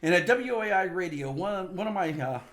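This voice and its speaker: A man's voice: high voice, expressive, a little fast, fairly bright tone. A man hosting a comedic radio show, joking and laughing often as he talks.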